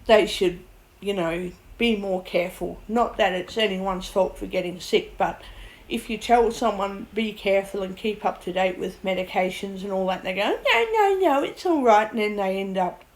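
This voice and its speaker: A woman's voice: medium pitch, steady tone, moderate pace, low-quality recording. A woman venting to camera about a bad illness, blunt and swearing, laughing at her own ordeal as she rambles. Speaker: vlogger. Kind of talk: rambling personal vent.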